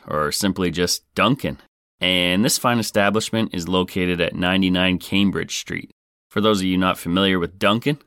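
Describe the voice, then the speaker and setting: A man's voice: deep voice, a bit bright, clear, resonant tone, no room sound. A man hosting a comedic true-crime podcast, narrating in a wisecracking, sarcastic, playful way into a close microphone. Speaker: podcast host.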